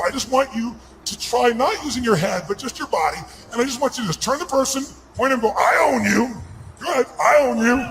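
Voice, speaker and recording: Man, motivational seminar speaker, very high voice for a man, shouting, commanding, faint background noise. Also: low-quality recording. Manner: loud, commanding, often shouting to rouse the crowd; asks the audience rapid questions. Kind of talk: motivational seminar speech to a live audience.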